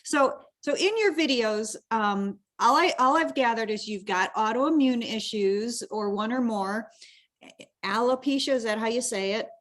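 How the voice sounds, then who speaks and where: A woman's voice: a little high, a little slow, fairly bright tone. A woman hosting a podcast, chatting casually and emotionally with her guest, often restarting her sentences. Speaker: podcast host. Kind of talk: casual interview chat.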